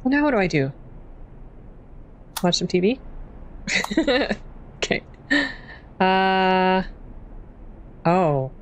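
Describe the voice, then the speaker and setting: A woman's voice: medium pitch, sing-song, very slow, pauses often. A young woman casually commenting on a horror game as she plays, jumpy and self-mocking. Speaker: gaming channel host.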